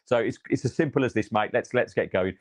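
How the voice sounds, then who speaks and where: A man's voice: mid-range voice, quick pace. Casual male podcast host, chatty fan quizzing co-hosts. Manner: chatty, says mate a lot, swears. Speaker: host asking quiz questions. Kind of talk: casual football podcast chat.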